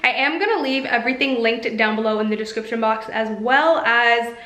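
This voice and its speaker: A woman's voice: on the high side, fairly quick, bright, forceful tone. A woman vlogger chatting enthusiastically through a clothing try-on haul, full of "like" and casual asides. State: slightly out of breath. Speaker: fashion vlogger. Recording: echoey room.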